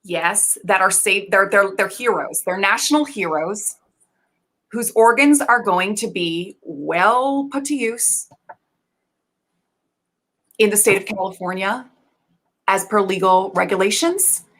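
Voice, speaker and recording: A woman's voice: medium pitch, slow pace, long pauses, fairly bright tone, poor audio. A woman playing a pompous biotech boss. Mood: haughty. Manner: pompous, condescending, corporate jargon. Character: bossy female biotech executive, pompous and dismissive. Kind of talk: improvised comedy scene.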